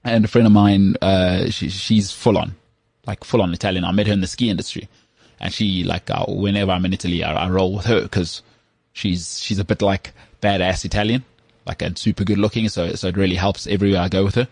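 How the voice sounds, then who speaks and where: Guy hosting a podcast, low husky voice, dry close mic, rambly chatty stories. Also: fairly quick, no room sound. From South Africa. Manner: animated storyteller, rambling with many fillers. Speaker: podcast host. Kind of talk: casual chat.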